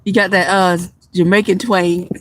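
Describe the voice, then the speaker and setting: A woman's voice: fairly low pitch, level tone, normal speed, a bit bright, slight background noise. A young woman with a Southern country twang chatting playfully with viewers on a livestream, laughing often and swearing casually. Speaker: livestream vlogger.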